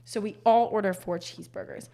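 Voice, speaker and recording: A woman's voice: medium pitch, fairly quick. A young woman co-hosting a podcast, telling a story in casual chat and using "like" a lot. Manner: animated storytelling with lots of "like". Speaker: podcast co-host.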